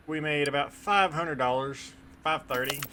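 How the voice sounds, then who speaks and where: A man casually commenting while playing a game, relaxed and rambling with playful asides. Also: fairly high pitch, moderate pace, a little hiss or hum. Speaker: gaming video host.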